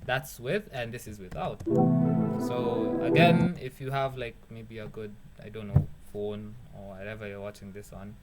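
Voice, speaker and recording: A man's voice: on the low side, unhurried, over loud music. Rambling young man explaining beats. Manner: rambling, self-mocking, swears casually, laughs at own jokes. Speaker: beat-making tutorial host. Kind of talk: casual screen-recorded tutorial.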